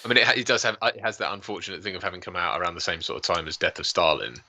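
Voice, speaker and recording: A man's voice: low-pitched, racing, sharp tone, slight background noise. A man co-hosting a casual watch-party chat, chatty and full of trailing asides. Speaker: co-host. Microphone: lavalier.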